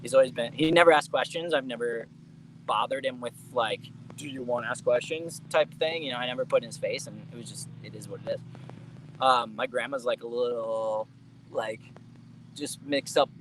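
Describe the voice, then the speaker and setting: A man's voice: mid-range voice, fairly bright tone, slight background noise, poor audio. A young adult man telling family stories as an interview guest, chatty and laughing often, with casual swearing.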